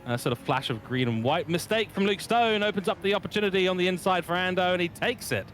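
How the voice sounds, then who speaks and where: A man's voice: high voice, fast, fairly bright tone, slight background noise. A man commentating on a sim race, easygoing and analytical, drawing on his own driving experience.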